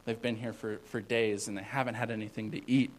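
A man giving an informal sermon as a youth pastor, rambling with many fillers and swinging between loud and hushed. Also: on the low side, little pitch movement, brisk, a little hiss or hum, rough recording.

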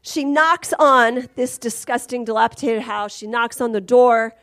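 Middle-aged woman preacher, slightly high voice, animated storytelling sermon. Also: a little slow. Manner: animated storytelling, swings loud and high at climaxes. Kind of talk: testimony sermon.

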